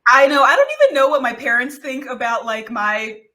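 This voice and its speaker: A woman from Kentucky hosting a casual podcast conversation, relaxed and quick to laugh. Her voice sits a little high and sounds bright and clear. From United States, from Kentucky. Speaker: podcast host. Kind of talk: casual chat.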